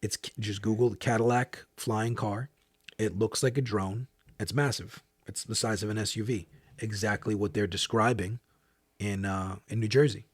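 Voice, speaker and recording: A man's voice: lowish voice, fairly even intonation, moderate pace, breathy edge, no room sound. A man co-hosting a podcast in casual chat, rambling and restarting his sentences. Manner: rambling, restarts and trails off into asides. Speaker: podcast co-host.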